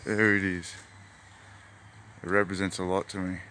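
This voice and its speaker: A laid-back Australian man wanders through his backyard garden, talking into a phone camera in a meandering, spiritual, slangy way. His voice sits a little low, and faint outdoor ambience hangs behind it. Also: little pitch movement, moderate pace, sharp tone, slight background noise. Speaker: hobby gardener vlogger. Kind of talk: rambling outdoor vlog.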